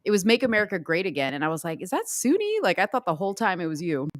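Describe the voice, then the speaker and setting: A woman co-hosting a casual livestream chat show, reacting to videos with loud exclamations and low mutters. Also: expressive, rapid-fire, no room sound, clean studio sound. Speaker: co-host.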